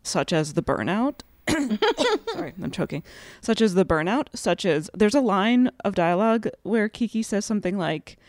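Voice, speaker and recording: A woman's voice: mid-range voice, expressive, moderate pace, few pauses, darkish tone, no echo, studio quality. A woman co-hosting a podcast, chatting in a jokey, self-deprecating way. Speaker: podcast co-host. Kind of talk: casual chat.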